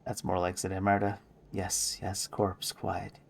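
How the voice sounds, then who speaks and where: A man's voice: medium pitch, lively intonation, normal speed, close to an everyday voice. Man putting on a grumpy muttering old seamstress. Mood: muttering, cranky. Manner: muttering, sing-song, talks to herself. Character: grumpy old woman seamstress who talks to herself.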